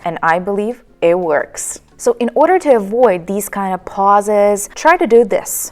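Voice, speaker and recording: A woman's voice: medium pitch, a little mellow. A young woman who is an English teacher, giving an upbeat, affectionate lesson to camera and blowing kisses to viewers. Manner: bubbly, affectionate, blows kisses.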